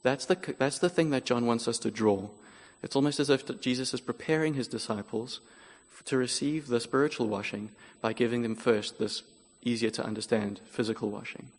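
A man preaching a sermon, explaining scripture in a measured, earnest way. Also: medium pitch. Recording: long hall reverb.

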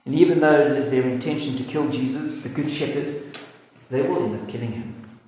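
A man preaching a sermon, earnest and emphatic, and he slows down to stress his points. His voice rings through a very echoey hall with a long reverb tail. A faint hiss sits under the recording. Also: medium pitch, dark tone.

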